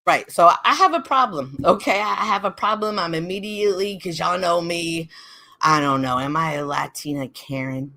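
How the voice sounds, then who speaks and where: Woman streamer host: animated and dramatic, a bit low-pitched, lively rise and fall. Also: normal speed. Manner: dramatic, laughing, addresses viewers directly. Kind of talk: animated livestream commentary.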